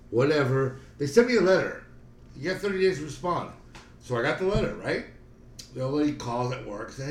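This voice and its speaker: Profane, repetitive middle-aged storyteller. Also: male voice, mid-range voice, big pitch swings, brisk, distant mic. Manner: swears constantly, repeats himself. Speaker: podcast co-host. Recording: roomy, from off-mic, faint background noise.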